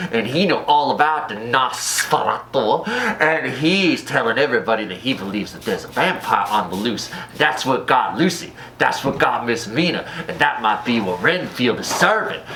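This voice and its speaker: Playful male movie reviewer, bright tone. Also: mid-range voice, slight background noise, poor audio. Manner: playful, loose slangy grammar, jokey asides.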